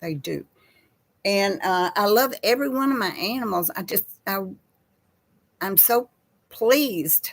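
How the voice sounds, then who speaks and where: An older woman chatting casually with live viewers in a slow, folksy way. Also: medium pitch, lively intonation. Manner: slow folksy talk, baby voice to her pets. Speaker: host of a live chat with viewers. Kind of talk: casual live-stream chat reading viewer comments.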